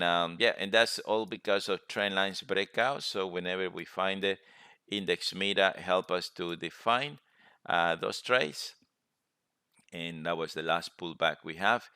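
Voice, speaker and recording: Brief: male webinar host, low voice, dry close mic, rambling with fillers. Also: pushed and bright, clean tone, dry recording. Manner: rambling, many fillers and self-corrections. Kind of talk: casual live screen-share lesson.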